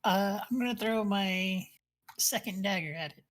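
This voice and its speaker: A woman's voice: mid-range voice, moderate pace. Playful woman tabletop player. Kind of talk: casual tabletop game play.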